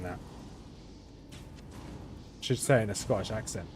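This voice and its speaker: A man's voice: on the low side, normal speed. Chatty young man streaming a game. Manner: chatty, thinking aloud with frequent ums and restarts. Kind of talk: live gameplay commentary. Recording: steady background noise.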